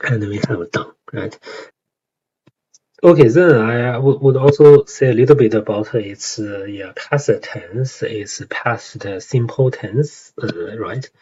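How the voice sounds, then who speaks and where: Young man, Chinese accent, low voice, halting tutorial delivery, dull lo-fi mic. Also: mellow, breathy edge. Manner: hesitant, many fillers and tag questions. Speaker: language learner explaining song lyrics. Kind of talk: casual tutorial explanation.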